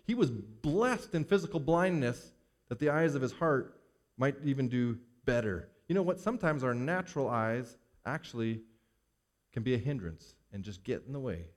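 A pastor with a mid-range, animated voice preaches to his congregation at a normal speed. He poses rhetorical questions and acts out the words of Bible figures in short quoted lines.

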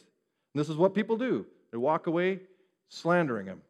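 A man preaching a sermon who keeps asking the listeners questions and moves between hushed and raised delivery. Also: on the high side, sing-song, quick pace. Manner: asks the listeners rhetorical questions.

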